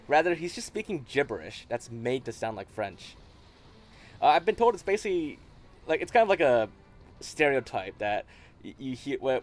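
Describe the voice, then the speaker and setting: A man hosting a gaming video, explaining in a relaxed, casual way, with frequent restarts. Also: medium pitch. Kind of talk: casual commentary.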